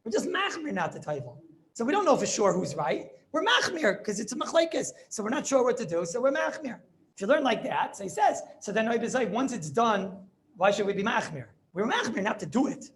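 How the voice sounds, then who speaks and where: Animated male rabbi giving a halacha class. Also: very high voice, a little fast, a little hiss or hum. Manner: animated, rhetorical questions, yeshiva English full of Hebrew terms. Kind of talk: Talmudic halacha lecture.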